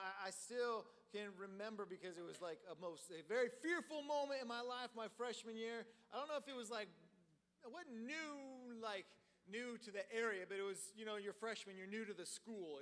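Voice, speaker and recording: Man, preacher, storytelling sermon, high pitched, animated, lots of filler words, long hall reverb. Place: church sanctuary.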